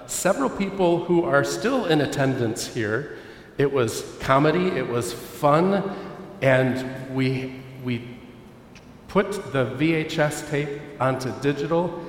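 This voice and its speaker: Joking pastor in an echoey hall. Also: male voice, mid-range voice. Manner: jokey, chatty, talks with the audience. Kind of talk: lighthearted sermon to a congregation. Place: church hall. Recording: echoey church hall with long reverb.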